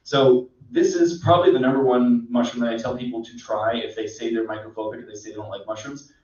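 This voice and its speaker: A man, a mycologist guest, explaining in a relaxed, rambling way with many fillers. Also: mid-range voice, fast. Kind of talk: casual explanatory chat. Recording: echoey, distant, dull sound.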